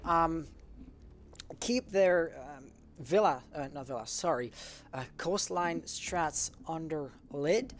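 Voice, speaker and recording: A male esports caster calling a live match, talking in a halting way, often stopping to correct himself. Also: a little high, animated. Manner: halting, self-correcting, apologizes for stuttering.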